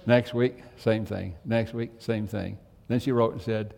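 A man's voice: fairly low pitch, steady tone, unhurried, creaky, darkish tone, long reverb tail. A man preaching a sermon as pastor, telling a folksy story and asking the congregation direct questions.

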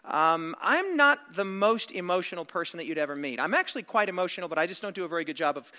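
A man's voice: sits high, lively intonation, quick pace, bright, forceful tone. A middle-aged man preaching a sermon, reasoning step by step in an analytical way with asides. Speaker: pastor. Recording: long reverb of a large hall.

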